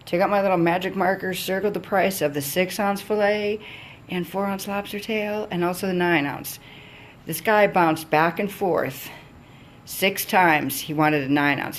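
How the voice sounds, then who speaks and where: Low-voiced woman ranting about her shift. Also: slight background noise. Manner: blunt, profane, exasperated. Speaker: restaurant server. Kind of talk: profane storytelling rant.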